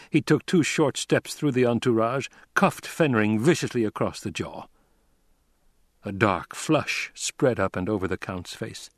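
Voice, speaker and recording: Measured male audiobook narrator. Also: on the low side, no echo, studio quality. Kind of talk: scripted narration.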